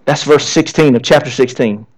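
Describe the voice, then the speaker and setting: A man's voice: medium pitch, normal speed, low-quality recording. A male pastor preaching a sermon, asking the congregation rhetorical questions. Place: church.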